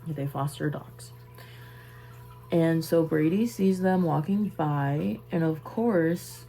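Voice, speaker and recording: A young woman telling a personal story in a casual vlog, halting and trailing off into soft asides while busy with a task. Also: sits low, vocal fry, a little hiss or hum, rough recording. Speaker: vlogger.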